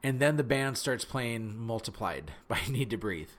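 Midwestern man, mid pitch, earnest and animated storyteller with a self-deprecating streak. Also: a little slow. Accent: Midwestern American. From Fargo, North Dakota. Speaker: speaker telling a personal story. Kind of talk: personal storytelling talk.

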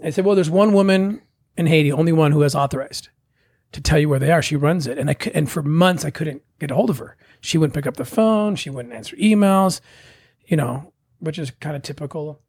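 A man with a slightly high, husky voice tells his story in a loose, conversational way. He acts out the other people's lines as he goes. The sound is close and dry. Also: brisk, no room sound. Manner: animated, acts out quoted voices. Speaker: guest telling his story. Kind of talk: casual storytelling.

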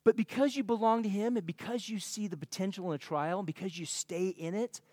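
A man with a high, light voice gives a casual, rambling sermon, poking fun at himself as he goes. The long reverb of a church hall trails after his words. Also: steady tone, fairly quick, darkish tone. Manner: casual, rambling and self-deprecating. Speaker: pastor. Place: church sanctuary.

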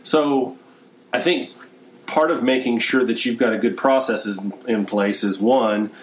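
A man's voice: mid-range voice, a little slow, a little hiss or hum. A man hosting a business conversation, explaining points steadily and often saying "you know".

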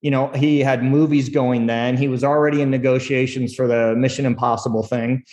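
A middle-aged screenwriter telling candid stories in an interview, acting out quotes and laughing often. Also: male voice, medium pitch, a little fast. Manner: animated storyteller, acts out quotes, laughs often. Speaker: screenwriter guest.

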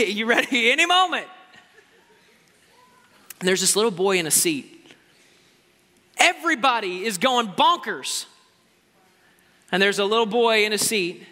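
A man preaching a sermon with passion, moving between loud exclamations and quiet asides. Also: sits high. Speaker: pastor. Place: large church hall. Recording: long hall reverb with faint music.

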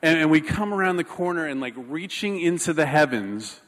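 A man preaching a sermon, telling a personal story in an animated, self-mocking way. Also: on the high side, normal speed, long reverb tail. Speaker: pastor.

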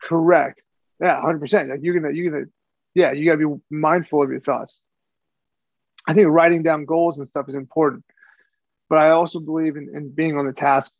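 Podcast co-host, male, gravelly and a bit high, rambling casual chat, dry dull recording. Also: fairly even intonation, normal speed, pauses often, no echo. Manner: rambling, repeats words while thinking.

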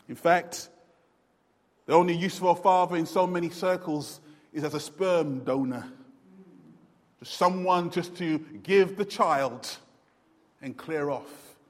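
High-voiced preacher in a reverberant hall. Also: male voice, takes it slowly, long pauses. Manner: swings from loud emphatic peaks to low murmurs. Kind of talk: sermon.

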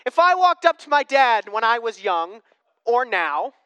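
A pastor giving a sermon in a conversational way, asking the congregation questions and swinging between emphatic preaching and hushed tones. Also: mid-range voice, very animated, measured pace, clear, resonant tone, no echo.

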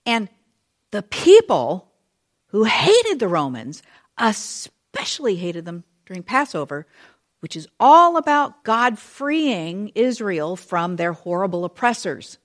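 A woman teaching a Bible study in a chatty, conversational way, full of asides and lively retelling. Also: mid-range voice, slow pace. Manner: expressive, animated retelling.

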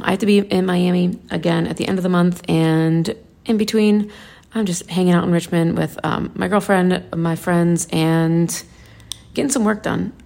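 A woman vlogs in a relaxed, chatty way, circling back on her words and padding with fillers. Her voice sits a little low and is heavily gravelly. The whole thing feels loose and unscripted. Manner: chatty, rambling, many fillers and restarts. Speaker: lifestyle vlogger. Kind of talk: casual vlog chat.

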